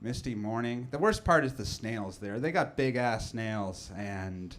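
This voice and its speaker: A man's voice: lowish voice, expressive, a little slow. A man, doing a rambling, self-deprecating stand-up set full of fillers and restarts. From Nova Scotia, Canada. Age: 30s. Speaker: comedian.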